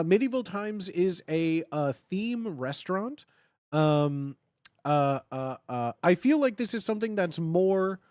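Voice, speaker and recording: A streamer in their thirties from the Chicago area, chatting casually at home in a rambling way with sudden excited bursts. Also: dry recording, clean studio sound. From Chicago area, United States. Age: 30s. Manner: animated, with sudden high bursts when acting out cheering; rambling, many fillers and restarts. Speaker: livestream host. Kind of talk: casual livestream chat.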